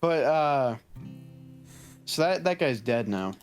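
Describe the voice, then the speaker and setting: Profane, animated young man storyteller. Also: mid-range voice, takes it slowly, soft background music. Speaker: podcast co-host. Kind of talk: casual gaming podcast chat.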